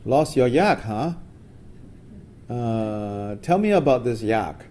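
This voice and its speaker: A man voicing a kindly old wandering sage who asks calm, gentle questions. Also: medium pitch, slow, slight background noise. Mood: gently curious.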